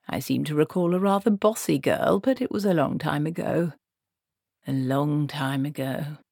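Woman reads an old male wizard, weary and grumbling; low, dry storybook voice. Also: moderate pace, vocal fry, darkish tone, no echo.

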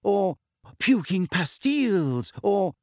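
Man voicing a gangly teenage boy, raised pitch, hesitant, mumbling, audiobook. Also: sing-song, slow pace, no room sound, clean studio sound, exaggerated voice. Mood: evasive. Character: awkward, evasive teenage boy. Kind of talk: audiobook character voice.

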